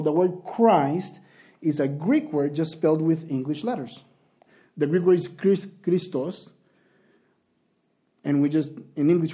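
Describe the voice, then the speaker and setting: Warm-voiced man teaching a sermon. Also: on the high side. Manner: explanatory, with frequent restarts. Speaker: preacher.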